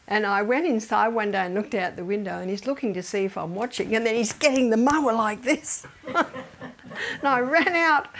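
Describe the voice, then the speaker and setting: A middle-aged woman who works as a health educator leads a seminar that blends health topics with Bible teaching. Her voice is on the high side, and she tells stories with liveliness, laughs often, and drops to a soft whisper when she wants to emphasize a point.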